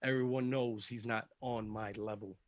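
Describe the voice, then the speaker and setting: A man's voice: medium pitch, steady tone, normal speed, no echo. A man who is a pro wrestler cutting a heated, trash-talking promo on a live stream. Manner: intense, trash-talking, builds to shouting.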